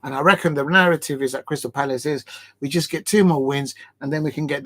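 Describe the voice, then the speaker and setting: A man hosts a late-night football stream from home. His voice sits a bit high. He rambles and laughs, sounding out of breath. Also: steady tone, fast, pushed and bright. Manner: chatty and rambling, laughing between tries at headers. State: tired and short of breath. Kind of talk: live watch-along stream chat.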